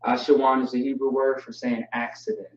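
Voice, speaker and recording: A man teaching a language class online, relaxed and joking, spelling words out slowly. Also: medium pitch. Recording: distant, roomy, dull mic sound.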